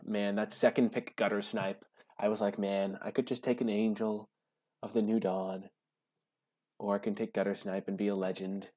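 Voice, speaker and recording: A man giving casual gameplay commentary while drafting cards, gushing and breaking into high excited shouts. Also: moderate pace, no echo. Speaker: card game drafting streamer.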